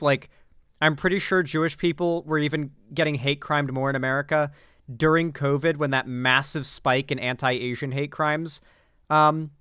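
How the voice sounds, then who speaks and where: A man's voice: fairly high pitch, fairly bright tone, clear, resonant tone, no room sound, studio quality. A man hosting casual political reaction commentary, rambling with many fillers, restarts and blunt swearing.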